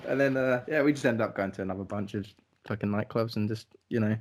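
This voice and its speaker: A man's voice: lowish voice, fast, slight background noise. A young man, rambling and laughing his way through a casual podcast story, full of fillers and swearing. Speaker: podcast co-host telling a travel story.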